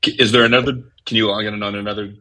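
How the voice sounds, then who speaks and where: Casting note: low-pitched man with a bright, forceful tone, upbeat guest in a casual chat. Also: flat delivery, racing. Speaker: guest, event organizer. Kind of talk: casual live audio chat.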